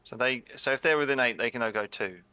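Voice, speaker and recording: A man's voice: medium pitch, fast talker, pushed and bright, clear, resonant tone, no echo. A man playing a tabletop wargame, talking casually and hesitating, repeating words while he decides on his moves. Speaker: player.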